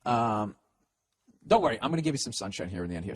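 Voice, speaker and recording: A man's voice: on the low side, sing-song, quick pace, pauses often. A middle-aged man with a Boston accent, hosting a comedy podcast and giving sarcastic, profane, rambling advice full of restarts.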